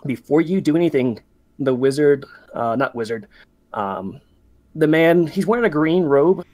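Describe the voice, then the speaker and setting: A man's voice: on the high side, lively intonation, normal speed, darkish tone, no room sound. A man narrating as game master in a tabletop game, talking loosely with many fillers and restarts.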